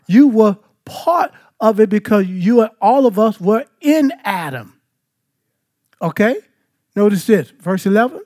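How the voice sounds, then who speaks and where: A man's voice: high-pitched, darkish tone. A man teaching a Bible study, asking the listeners questions and then answering them. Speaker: preacher.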